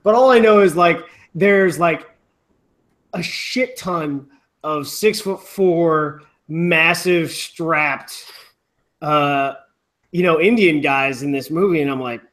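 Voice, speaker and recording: Jokey guy on a sports podcast, kinda higher voice, says like a lot. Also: slow pace, a bit bright. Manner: joking, loose, lots of "like". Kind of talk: casual sports podcast chat.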